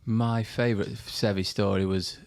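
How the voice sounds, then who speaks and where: A middle-aged man, a former pro golfer and podcast guest, telling a story in a lively way and laughing as he goes. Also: lowish voice, unhurried, creaky.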